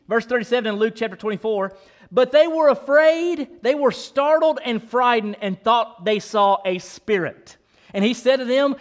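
A male pastor preaching a sermon in an animated, playful way, speeding up and slowing down as he goes. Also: very high-pitched. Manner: animated, playful, shifting pace.

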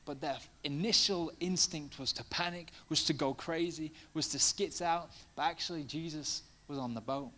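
A man's voice: fairly high pitch, normal speed, few pauses, pushed and bright. A man preaching a sermon in a conversational way, full of fillers, building to passionate emphasis.

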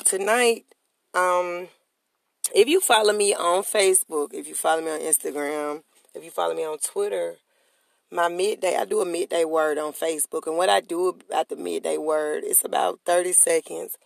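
A motivational podcast host with a gravelly, creaky voice, recorded dry and close with no room sound. The host preaches in repeated, call-and-response phrases. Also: medium pitch, normal speed, dry recording. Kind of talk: motivational talk.

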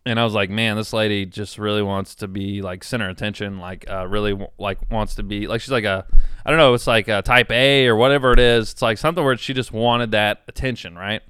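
A man's voice: lowish voice, steady tone, fast talker, fairly bright tone, smooth, dry recording, studio quality. A young man co-hosting a podcast, telling stories in a laid-back way and laughing often. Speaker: podcast co-host. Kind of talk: casual podcast chat.

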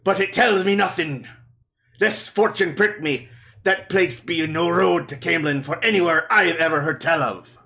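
A man putting on a gruff pirate sea captain. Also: fairly high pitch, normal speed, sharp tone. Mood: placid. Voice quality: rough, clipped pirate dialect.

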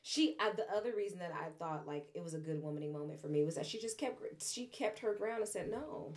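An animated woman co-hosting a casual movie podcast. She keeps acting out the film's lines in an exaggerated voice, full of slang and swearing. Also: fairly low pitch, brisk. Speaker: podcast co-host. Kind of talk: casual movie review chat.

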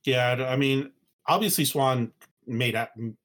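A man hosts a casual political podcast at an ordinary middle pitch. He rambles, piling up fillers and restarts as he thinks aloud. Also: normal speed, fairly bright tone. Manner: rambling, many fillers and restarts, laughing asides. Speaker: podcast host.

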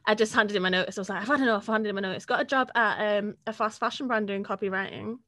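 A young woman, chatting casually as an interview guest, sweary and quick to laugh. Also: medium pitch, pushed and bright, dry recording. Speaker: podcast guest, freelance journalist.

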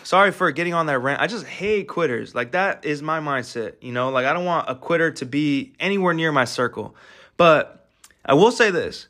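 A young man in his twenties delivers a swaggering, profane pep talk, piling on fillers as he hypes himself up. His voice sits a little high and comes out bright and forceful, with a pushy edge. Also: lively intonation, moderate pace. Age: 20s. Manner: brash, profane and hyped, heavy filler talk. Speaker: podcast host. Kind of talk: casual motivational monologue.

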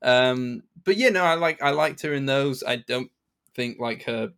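A man co-hosting a podcast, chatting casually in a review and pausing often to restart his sentences. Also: mid-range voice, vocal fry, fairly bright tone, clear, resonant tone. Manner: hesitant, many restarts and fillers. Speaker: podcast co-host.

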